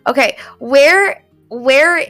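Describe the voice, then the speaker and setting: A woman's voice: sits high, lively intonation, drawn-out words, a bit bright, soft background music. A woman guest on a live stream, playful and chaotic, joking with the other guests. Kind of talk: casual stream chat.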